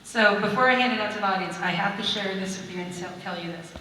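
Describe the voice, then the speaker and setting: A woman's voice: mid-range voice, fast talker, bright, forceful tone. A woman moderating a convention panel, speaking as an emotional, gushing fan. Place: large convention hall. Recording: echoey hall from far off, noisy.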